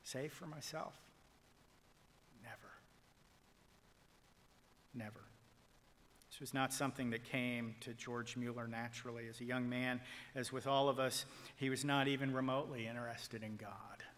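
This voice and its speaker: A male pastor preaching a sermon, swinging from loud proclamation to hushed whispers as he retells a story and quotes people in it. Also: mid-range voice, little pitch movement, a little fast, long reverb tail. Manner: quotes figures in a retold story.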